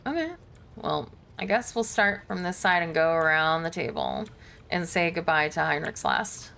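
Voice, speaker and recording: A young adult woman streamer chatting casually and reacting quickly while playing a video game. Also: low voice, big pitch swings, creaky, bright, forceful tone. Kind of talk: casual gameplay commentary.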